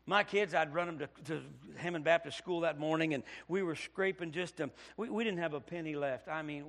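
Gravelly preacher telling a story, loud and hushed by turns. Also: male voice, a little high. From Indiana. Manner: storytelling, swings from hushed to shouting. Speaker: Baptist pastor. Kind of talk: sermon.

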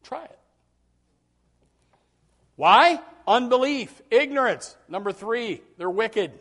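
A man's voice: extremely high pitch, animated, slow, fairly bright tone. A man preaching a sermon to his congregation, acting out quoted voices and repeating words as he builds his points. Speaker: pastor.

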